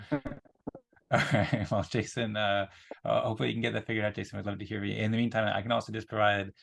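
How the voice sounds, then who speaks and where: A man's voice: fairly low pitch, flat delivery, normal speed, vocal fry, a bit bright. A man hosting an online community meeting, friendly and rambling, with many fillers, over a video call. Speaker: meeting host. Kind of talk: casual online meeting talk.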